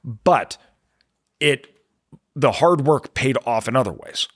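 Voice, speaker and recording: A man's voice: medium pitch, animated, slow pace, dry recording, studio quality. A man hosting a podcast interview, talking in an earnest, reflective way and repeating words for emphasis. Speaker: podcast host. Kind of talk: conversational interview.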